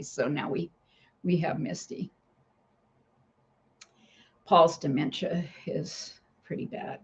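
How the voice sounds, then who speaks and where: Slow, gravelly-voiced woman vlogger. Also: lowish voice, a little mellow. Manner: rambling, breaks off to talk to her cats. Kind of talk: casual storytelling to camera. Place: home. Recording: dull lo-fi home recording.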